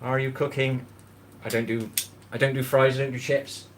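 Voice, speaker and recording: A man's voice: mid-range voice, little pitch movement, moderate pace, noisy background. A man hosting a casual live cooking stream from his home kitchen, sitting on a chair. He rambles, greets viewers by name and swears freely. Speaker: livestream cooking host.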